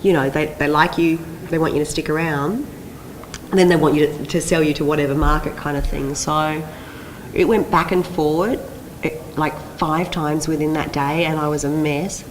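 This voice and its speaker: An Australian woman speaks at a convention panel with a low, dusky pitch. She tells her stories with animation, laughing and acting out the voices of others. A faint hiss sits under the recording. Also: moderate pace, low-quality recording. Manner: animated, laughing storyteller who acts out quoted voices. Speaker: panel guest.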